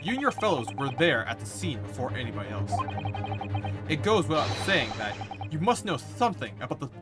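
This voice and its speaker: A man's voice: on the high side, big pitch swings, a little fast. A man voicing a cold, haughty male prosecutor pressing witnesses. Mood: imperious. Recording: game music behind.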